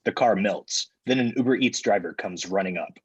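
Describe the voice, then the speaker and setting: Husky man reading stage directions. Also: lowish voice, moderate pace, lo-fi sound. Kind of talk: live comedy table read.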